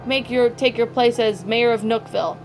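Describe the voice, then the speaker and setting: A woman's voice: fairly high pitch, steady tone, normal speed, soft background music, close to an everyday voice. A woman reading a fan story aloud, voicing a ruthless, sadistic male raccoon businessman who sneers and rants. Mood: sneering.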